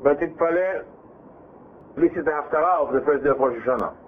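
Man, scripture teacher, lively retelling, repeats himself, phone-like audio, faint hiss. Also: fairly high pitch, fairly quick. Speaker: Torah teacher. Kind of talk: Bible class, reading verses and translating.

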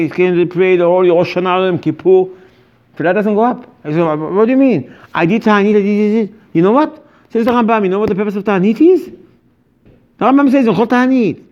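A man's voice: high-pitched, darkish tone, highs cut off. A man giving an informal religious lecture as a rabbi, speaking emphatically and animatedly in broken English with many repetitions.

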